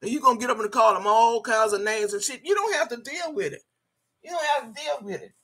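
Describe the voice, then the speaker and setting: A woman's voice: a little high, expressive, fast, breathy edge. An older woman ranting on camera in heated, scolding commentary, cursing freely and repeating her phrases for emphasis. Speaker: video blogger.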